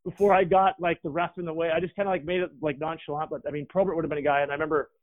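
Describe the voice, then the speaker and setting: A former hockey player rambling through a story in casual chat, with many fillers. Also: male voice, fairly high pitch, little pitch movement, very fast. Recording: tinny phone line.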